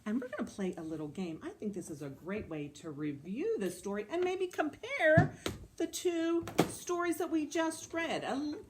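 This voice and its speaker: A woman runs a children's storytime in a library room, reading aloud and asking the kids questions in an animated, coaxing way. Her voice is high-pitched at normal speed, with a noisy background.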